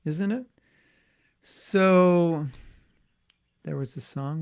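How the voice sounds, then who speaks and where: Spiritual teacher, male, gravelly voice. Relaxed, musing class talk with lots of restarts. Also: sits high, slow, pauses often. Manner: conversational and musing, with frequent restarts and asides. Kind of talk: informal devotional class talk.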